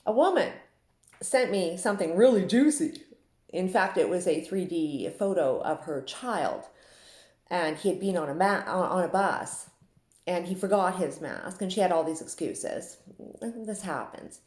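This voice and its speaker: A woman's voice: on the low side, animated, measured pace, darkish tone. Woman from saskatchewan chatting and confiding, laughs a lot, roomy echo. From Saskatchewan, Canada. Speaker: Facebook group admin. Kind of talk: casual monologue. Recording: echoey room.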